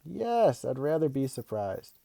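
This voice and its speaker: A man's voice: medium pitch, sing-song, measured pace, vocal fry, warm tone, no room sound, pitched above the performer's own voice. A man doing an exasperated fifth-grade boy. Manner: pleading, impatient, easily thrilled.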